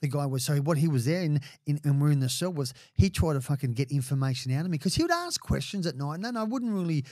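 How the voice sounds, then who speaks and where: A man's voice: fairly high pitch, very animated, fast talker, few pauses, darkish tone, no echo, clean studio sound. An Australian man in his forties, a podcast guest, telling stories in a rambling, profane way, full of "mate" and restarts. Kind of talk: casual storytelling.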